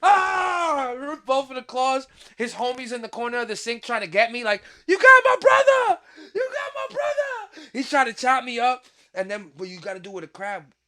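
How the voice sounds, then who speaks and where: A young man, hosting a casual podcast and telling stories in an animated, slangy way full of swearing. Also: high voice, no room sound. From Puerto Rican, raised in New York. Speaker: podcast host.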